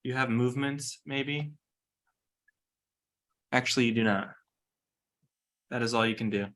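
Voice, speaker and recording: Bright-voiced man running the game. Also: medium pitch. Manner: brisk, matter-of-fact rulings. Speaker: game master.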